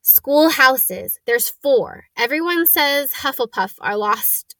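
A woman reading aloud gives a light voice to a shy young boy from a storybook, quiet, curious and a bit glum. The voice sits high and the sound is dry and close. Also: lively intonation, slow, no echo, full character voice.

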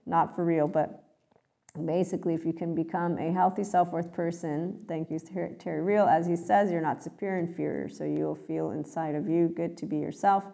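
Gravelly, mellow-voiced woman giving spiritual talk. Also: lowish voice, steady tone, normal speed. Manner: blunt, swearing, acts out voices. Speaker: spiritual teacher.

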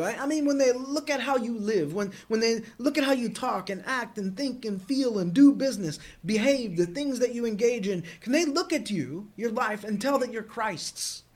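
A man's voice: high voice, slightly rough. A man preaching a sermon in an earnest tone, often repeating words as he presses a point. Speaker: pastor.

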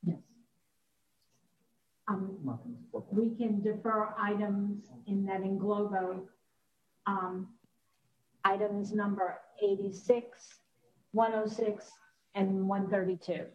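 A woman speaking very slowly and carefully, pausing with hesitations as she clarifies meeting procedure. Her voice comes through dull and lo-fi with faint background noise. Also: mid-range voice, flat delivery, a little mellow. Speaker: council staff member.

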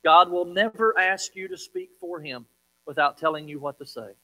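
Pastor guy, slightly high voice, punches words then drops way quiet, bit of hum behind. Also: moderate pace, poor audio. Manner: dramatic emphasis, swinging from loud to hushed. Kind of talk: sermon.

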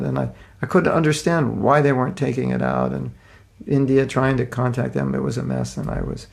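A man preacher telling personal stories in an informal sermon, conversational and self-deprecating, with halting restarts. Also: mid-range voice, expressive, creaky.

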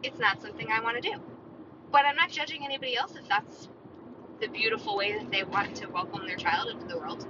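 A woman in her thirties rambles through a solo podcast, chatty and opinionated, her voice sitting a bit high. She is recorded on a dull, lo-fi phone mic. Clear traffic noise runs behind her. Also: fast talker. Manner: chatty and opinionated, lots of "like" and "right?". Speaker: podcast host. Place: parked outdoors near a store parking lot, car or street sounds behind.

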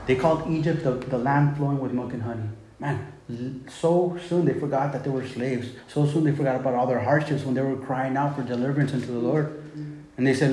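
A man's voice: medium pitch, a little fast, dark tone. Guy preaching, reads scripture then retells it all casual, roomy echo. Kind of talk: sermon.

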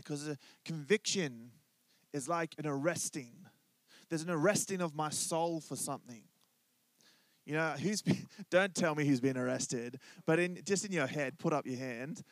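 Male pastor, relaxed joking sermon, dry close-miked voice. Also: mid-range voice, no echo. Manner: conversational, joking, asks congregation to respond. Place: church.

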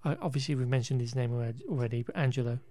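A man's voice: mid-range voice, fairly even intonation, quick pace, warm tone, no echo. A man co-hosting a podcast, chatting casually through a film recap with frequent restarts and laughter. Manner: rambling, self-correcting, laughs often. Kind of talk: casual chat.

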